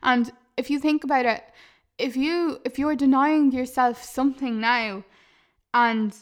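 A woman's voice: high voice, steady tone, unhurried. A woman, chatting earnestly on her podcast, laughing often and calling her listeners "lads". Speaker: podcast host and YouTuber. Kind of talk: casual podcast chat.

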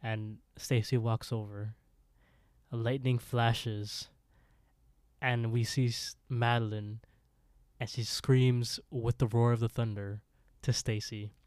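Slow-talking man recapping a show. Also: medium pitch, steady tone, a little mellow, dry recording, clean studio sound. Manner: laughing, swearing, acting out characters in quick bursts. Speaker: podcast co-host. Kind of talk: casual recap chat.

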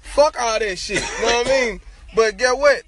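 A man's voice: very high-pitched, normal speed, a bit bright, a little hiss or hum. A man in loose, profane casual chat on a podcast, telling stories and peppering them with "know what I'm saying". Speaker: podcast co-host.

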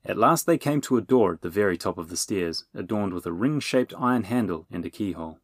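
Low, gravelly male audiobook narrator. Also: lively intonation, no echo, clean studio sound. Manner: measured storytelling. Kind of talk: scripted narration.

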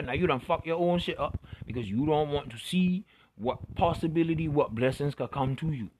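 A man with a notably high-pitched voice delivers a blunt motivational rant, swearing freely. He talks with raw passion and restless restarts. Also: moderate pace, a little mellow, a little hiss or hum.

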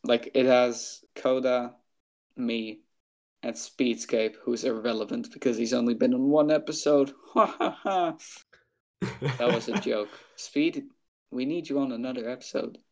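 A man's voice: mid-range voice, steady tone, a little slow. A man co-hosting a podcast in casual, joking chat, laughing often. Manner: giggly, playful, jokey. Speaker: podcast co-host.

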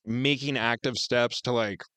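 A young man co-hosting a casual podcast, teasing, animated and swearing. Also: mid-range voice, a little slow, smooth, no echo. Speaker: podcast co-host. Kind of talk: casual chat.

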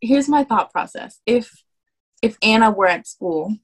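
A teenage girl co-hosting a casual podcast, earnest and quick to protest when teased. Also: a little high, expressive, slightly rough, poor audio. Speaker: podcast co-host. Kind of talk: casual chat among friends.

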